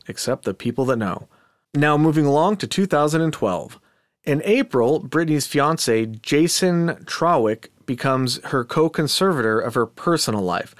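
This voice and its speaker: A man's voice: medium pitch, dry recording, clean studio sound. A man hosting a casual commentary podcast, chatty and skeptical, talking with asides and restarts. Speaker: podcast host.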